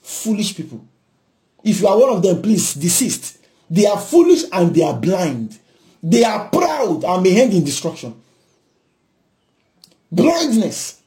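A man with a Nigerian accent preaching a sermon, exhorting and shifting between loud and hushed. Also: sits high, big pitch swings, unhurried, pauses often.

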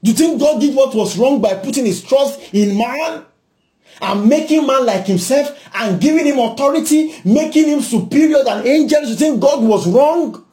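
A man with a Nigerian accent preaching a sermon, exhorting and shifting between loud and hushed. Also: very high-pitched, animated, normal speed.

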